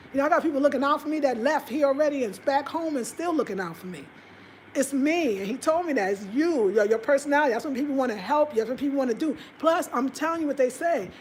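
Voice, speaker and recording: A woman talking casually to her viewers in an animated, chatty way. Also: high voice, slight background noise. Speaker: travel vlogger. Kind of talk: casual talk to camera. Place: apartment room.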